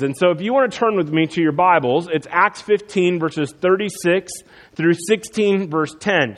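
A man's voice: high voice, in a large hall, low-quality recording. A man preaching a sermon as pastor, talking conversationally with fillers and restarts.

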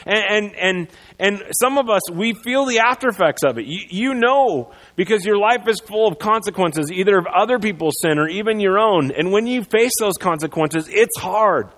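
A man's voice: high voice, lively intonation, moderate pace, a bit bright, long reverb tail, poor audio. A man preaching a sermon as pastor, in a conversational way with many fillers and restarts.

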